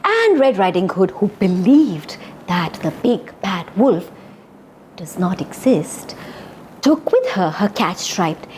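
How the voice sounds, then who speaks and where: A woman's voice: mid-range voice, sing-song, slow, darkish tone, a little hiss or hum. A woman telling a fairy tale to children, coaxing them to act along and praising them. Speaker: children's storyteller. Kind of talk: interactive story enactment for kids.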